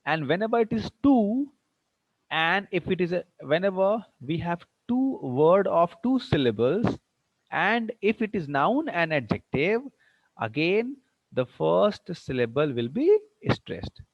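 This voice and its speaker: Speaking high with big pitch swings and an unhurried pace, a male English teacher gives a classroom lecture on word stress. The recording is dry, dull and lo-fi. He restates and restarts for emphasis and keeps checking understanding with questions.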